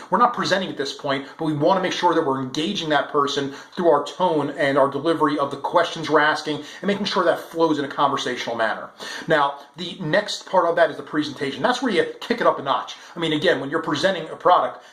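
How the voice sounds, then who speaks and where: An upbeat man coaching salespeople through a daily talk, with plenty of "um"s and "uh"s. His voice sits fairly high for a man. The sound carries a roomy echo. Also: fairly bright tone. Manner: upbeat, encouraging, many "um" and "uh" fillers.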